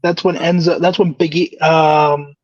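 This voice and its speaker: A man with a notably high voice, chatting casually as a podcast co-host. He tells his story quickly, with restarts. The sound is dry and dull, a bit lo-fi. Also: flat delivery, dry recording. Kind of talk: casual chat.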